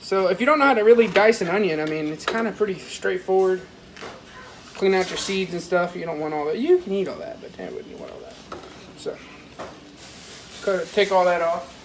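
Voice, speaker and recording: Brisk and high-voiced, a fishing vlogger rambles informally to his viewers while cooking in his parents' kitchen for a casual vlog. Faint noise from the household can be heard behind him.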